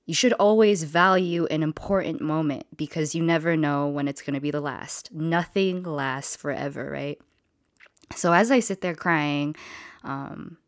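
A woman's voice: deep voice, no echo, studio quality. A young woman hosting a podcast, telling a personal story candidly and emotionally, swearing casually. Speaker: podcast host.

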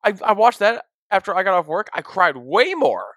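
A young man hosting a podcast, telling an emotional story in a casual, excitable way, full of "dude" and "like.". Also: high voice, moderate pace, dry recording. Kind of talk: casual chat.

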